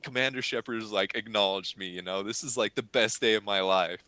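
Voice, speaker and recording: Excitable man with a bright voice. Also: fairly low pitch, brisk, dry recording. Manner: excitable, animated retelling with voiced quotes. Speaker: podcast guest, cosplayer. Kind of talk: casual storytelling.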